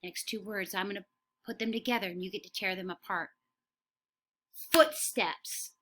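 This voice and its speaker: A woman teacher leading a phonics lesson for young children, slow and encouraging, saying words for the class to repeat. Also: medium pitch, fairly even intonation, pushed and bright, slight background noise.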